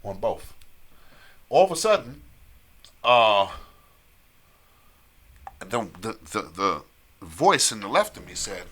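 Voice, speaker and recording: A man telling a long story in casual chat on a live stream, animated, repeating phrases and laughing often. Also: on the low side, slow pace, pauses often.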